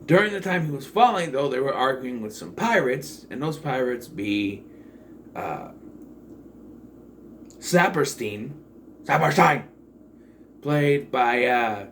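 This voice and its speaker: A man talks through a film review in a loose, casual way, trailing off into asides and fillers with a swear here and there. His voice sits at an ordinary middle pitch, swinging from bursts of loud excitement to murmured comments. A faint hiss sits underneath. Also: slow pace, long pauses. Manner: rambling and digressive, with profanity and many fillers. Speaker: movie reviewer. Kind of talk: casual spoken movie review.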